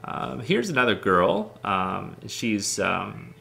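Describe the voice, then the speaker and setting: A man's voice: on the low side, sing-song, slow, creaky, pushed and bright. A man casually talking through his travel photos, rambling and enthusiastic with lots of ums. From United States. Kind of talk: casual talk over photos.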